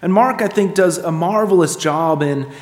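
A male pastor preaching a sermon, speeding up and dropping to a hush as he acts out the voices of the story. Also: on the high side, moderate pace. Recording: echoey hall.

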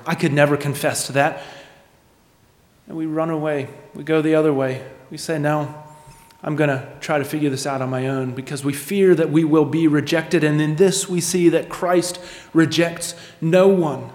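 A male pastor preaching a sermon, speeding up and dropping to a hush as he acts out the voices of the story. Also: on the high side. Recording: echoey hall.

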